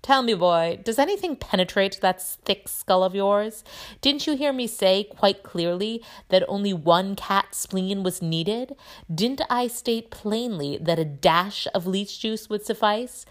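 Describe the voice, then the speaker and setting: A woman's voice: on the low side, expressive, normal speed, lightly acted. A woman reading aloud and voicing a cold, sneering male potions teacher in a cutting manner. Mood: scornful.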